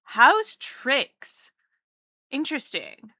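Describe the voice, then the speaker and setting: Bright, chatty woman streamer. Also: high-pitched, big pitch swings, very slow, no echo, studio quality. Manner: chatty, rambling and playful, greets chat warmly. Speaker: streamer and artist. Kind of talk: casual livestream chat while drawing.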